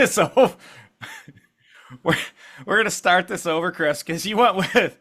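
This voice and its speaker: A man hosting a podcast interview in casual chat, upbeat, laughing often and talking in quick bursts. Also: sits high, bright, forceful tone. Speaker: podcast host.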